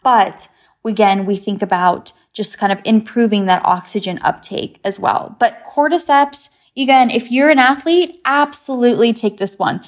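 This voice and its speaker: Speaking at a moderate pace with a slightly high voice, this English-born guest expert keeps the casual conversation upbeat. She explains chattily and leans on easy memory tricks.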